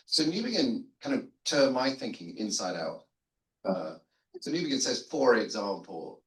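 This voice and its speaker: Older man telling stories in a roomy room. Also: lowish voice. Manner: rambling, self-deprecating storytelling with frequent restarts. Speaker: guest theologian on a seminary panel. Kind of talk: conversational panel talk. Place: seminary lunch room. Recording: roomy echo.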